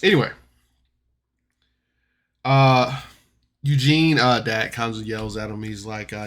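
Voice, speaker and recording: A man's voice: mid-range voice, flat delivery, slow, pauses often, a bit bright. A man casually recapping a tabletop game episode for a podcast, rambling and chatty, full of fillers and restarts. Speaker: podcast reviewer.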